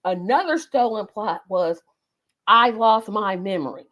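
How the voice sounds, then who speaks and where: A woman's voice: mid-range voice, expressive, measured pace, a bit bright. Chatty woman with a lilt. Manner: chatty, meandering, lots of ums and self-corrections. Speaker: host. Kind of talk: casual nostalgic monologue.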